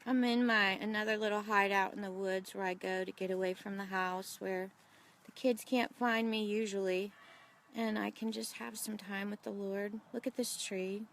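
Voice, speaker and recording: A woman's voice: mid-range voice, steady tone, normal speed, fairly bright tone, a little hiss or hum. A woman in her forties telling a faith story to the viewer outdoors in the woods, earnest and heartfelt. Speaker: Christian speaker sharing a testimony. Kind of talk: devotional vlog storytelling. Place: outdoors in a wooded hideout.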